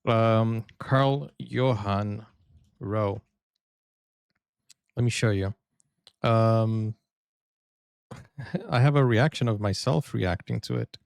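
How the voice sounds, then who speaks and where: A man from Brazil hosting a sports reaction video, chatting excitedly and often stumbling and restarting his sentences. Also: lowish voice, very slow, creaky, long pauses, clear, resonant tone, no room sound. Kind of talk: casual reaction commentary.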